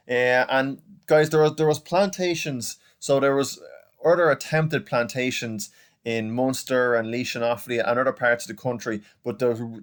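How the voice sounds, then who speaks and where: A young adult man with an Irish accent, teaching a recorded online lesson in a chatty way, often saying "okay" and "guys". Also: medium pitch. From Ireland.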